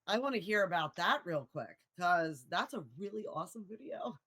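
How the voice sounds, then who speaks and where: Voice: medium pitch, very animated, moderate pace, sharp tone, slightly rough. A podcast host asking questions in a casual interview chat and laughing along.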